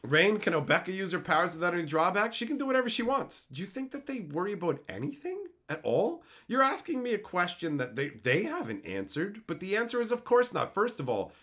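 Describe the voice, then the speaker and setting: A male streamer talks through chat questions in a loose, profane rant. His voice sits somewhat high and bright, jumping all over in pitch as he laughs and swears between points. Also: fairly quick, hardly any pauses. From Canada. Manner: loud, animated, frequent swearing and laughing.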